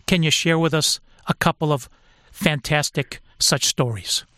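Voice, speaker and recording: A man hosting a radio talk show, reading his lines in a measured, deliberate way. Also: on the high side, bright, forceful tone, dry recording, studio quality. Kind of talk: scripted radio interview hosting.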